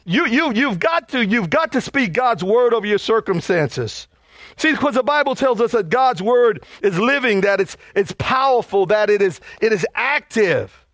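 Pastor, male, high-pitched and fervent, delivering a sermon, dry recording. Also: animated, moderate pace, a bit bright, no room sound. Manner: fervent, urging the congregation.

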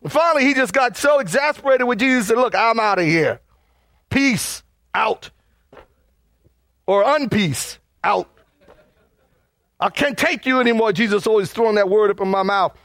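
A man's voice: high voice, normal speed, long pauses, a bit bright, no room sound. A man preaching a sermon as pastor, urging his congregation with fervent, repeated calls.

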